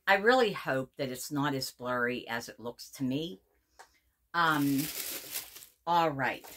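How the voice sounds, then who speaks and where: Slow, low-voiced woman gushing over an unboxing. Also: fairly bright tone. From Pennsylvania. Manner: gushing, repeats words, reads labels aloud. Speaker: unboxing reviewer. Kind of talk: casual unboxing video.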